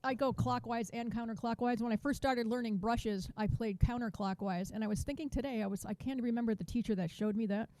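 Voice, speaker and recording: A woman teaching a drum masterclass over a video call, chatty and counting beats out loud. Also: a little high, brisk, hardly any pauses, dry recording. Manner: chatty, restarts sentences, counts beats aloud.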